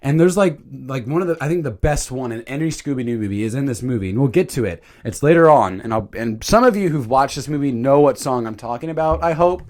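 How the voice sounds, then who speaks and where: A man's voice: mid-range voice, fast, few pauses. A man reviewing a movie in a casual, jokey commentary. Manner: animated, jokey, slips into silly voices.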